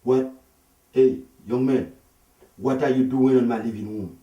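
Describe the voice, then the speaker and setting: Brief: male comic doing an angry African husband, high and loud, heavy accent, echoey room heard from afar. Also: fairly even intonation, far from the mic, natural voice. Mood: furious. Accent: African English. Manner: shouting, threatening, slow emphatic. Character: jealous, menacing African husband confronting an intruder.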